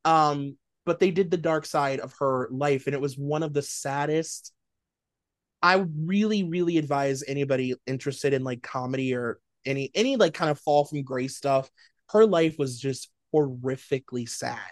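A man co-hosting a casual pop culture chat, talking in an animated way and packing his sentences with filler words. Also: mid-range voice, moderate pace, dry recording, clean studio sound. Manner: chatty, many "like" fillers, animated storytelling. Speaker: podcast co-host.

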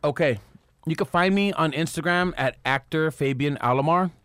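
A man's voice: a little high, moderate pace, a bit bright, clean tone, no echo, studio quality. A man talking as a podcast guest, rambling and crude, with plenty of fillers and restarts. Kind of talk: casual chat.

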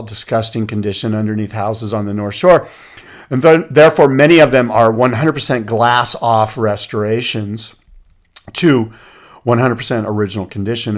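Male podcast co-host, mid pitch, animated storyteller who rattles off lists. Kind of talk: casual chat.

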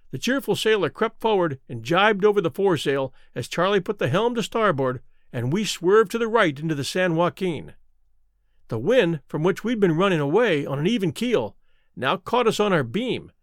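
A man reading a classic adventure story aloud as an expressive narrator. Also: fairly high pitch, dry recording, clean studio sound. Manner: expressive, rises and falls with the action. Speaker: audiobook narrator.

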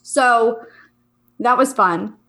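Chatty woman, fairly high voice. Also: extremely slow, sharp tone. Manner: chatty, rambling with many fillers. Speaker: podcast co-host, psychic reader. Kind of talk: casual chat.

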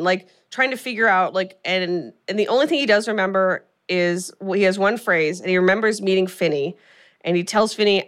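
A woman co-hosting a podcast, recapping a film in a chatty, animated way and swearing freely. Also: mid-range voice, fairly quick, clear, resonant tone. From California. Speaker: podcast co-host. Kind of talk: casual chat recapping a film.

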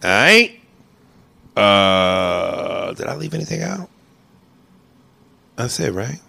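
A man co-hosting a comedy podcast, talking loud, profane and bossy in casual banter. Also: lowish voice, sing-song, takes it slowly, vocal fry, dry recording. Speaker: podcast co-host.

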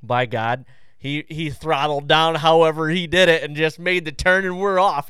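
A man hosting a podcast tells a wild story in an animated, profane, casual way. His voice sits a bit high and smooth, and it is recorded close and dry, with no room sound. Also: normal speed, no echo. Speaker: podcast host.

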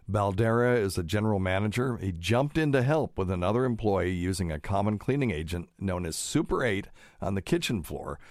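A man talks through a solo podcast in a low, deep voice. The sound is close and dry, with no room around it. He rambles, trails off with fillers, and fusses over correct word usage. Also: darkish tone, no echo. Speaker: podcast host, doctor. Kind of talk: casual solo podcast monologue.

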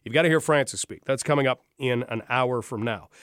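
A man hosting a talk radio show, speaking conversationally and briskly, addressing listeners directly. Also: medium pitch, a bit bright, dry recording, studio quality. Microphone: studio microphone.

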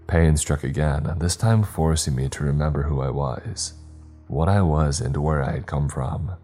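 A man narrates a first-person story in a measured, dramatic way. His voice is extremely deep and dark in tone. Faint music plays behind him. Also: husky. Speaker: audiobook narrator.

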